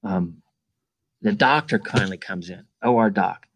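A middle-aged man with a low, gravelly voice tells a story as a podcast guest. He talks casually and animatedly, acting out the voices of the people in it. The sound is dry and close, with no room echo. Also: unhurried. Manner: animated, acts out quoted dialogue.

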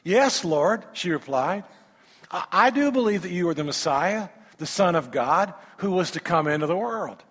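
Male pastor, high voice, animated sermon, rhetorical questions, joking asides, long hall reverb. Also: normal speed. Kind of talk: sermon with scripture reading.

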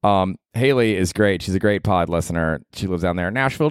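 Forties male comic, low voice, rambling and profane, dry home mic. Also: lively intonation, fairly quick, few pauses, clean tone, no echo. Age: 40s. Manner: rambling, profane, self-deprecating. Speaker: podcast host and comedian. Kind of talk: casual solo podcast chat. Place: apartment.

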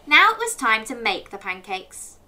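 Animated woman reading a children's story. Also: a little high, moderate pace. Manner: animated, asks the listener questions and waits for answers. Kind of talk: picture book read-aloud for children.

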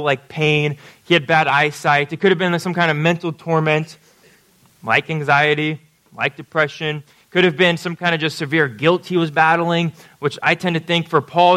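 A man's voice: a little high, fairly bright tone. A man preaching a sermon, talking conversationally and checking in with his listeners. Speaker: pastor.

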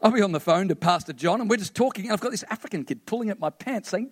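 A man, a pastor giving a sermon with personal stories, talking conversationally and turning hushed toward the close. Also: high voice, lively intonation, fast, gravelly, hardly any pauses, husky, no echo.

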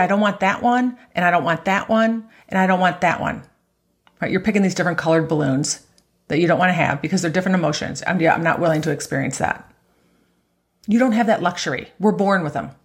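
A woman coaching golfers on their emotions in a chatty, conversational way, often tagging her points with "right?" and laughing easily. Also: lowish voice. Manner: acts out inner voices in quotes. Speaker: golf mental coach. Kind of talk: conversational motivational talk.

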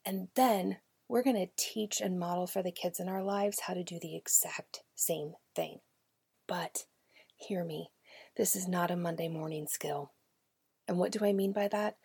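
Soft-spoken husky woman podcast host. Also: on the low side, measured pace, no room sound. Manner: direct, conversational, often dropping to a near-whisper. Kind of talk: podcast talk to parents and educators.

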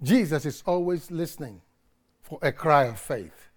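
A man preaching a sermon at a church service, dramatic and emphatic, swinging between shouting and soft talk. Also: fairly high pitch, expressive, moderate pace.

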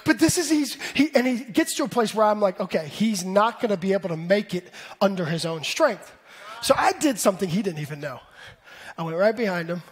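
A man in his thirties preaching a sermon in an animated way, building up to shouts. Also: high-pitched, brisk, slightly rough. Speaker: pastor.

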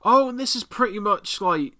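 Bright-voiced excitable British man. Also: high voice, normal speed. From Britain. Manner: excitable, swears freely, reacts aloud. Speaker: podcast host. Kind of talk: casual commentary over an episode.

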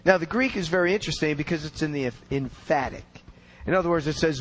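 A man's voice: fairly high pitch, fast, slight background noise, poor audio. A man giving an expository Bible teaching in an earnest, explanatory way, leaning on key words for emphasis.

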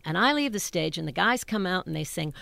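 An older woman, a stage actress, telling funny backstage stories in an animated, laughing way that keeps interrupting itself. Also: lowish voice, brisk, vocal fry, dry recording. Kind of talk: anecdotal storytelling.

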